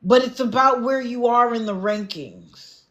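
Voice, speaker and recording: A woman's voice: a little high, measured pace, a bit bright. A woman doing casual livestream commentary, blunt and lecturing, with an exasperated edge. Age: adult, not young.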